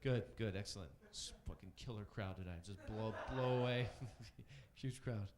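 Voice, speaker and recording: A man's voice: fairly low pitch, moderate pace, background noise. A man in his thirties doing a loose, self-mocking stand-up set on a comedy club stage.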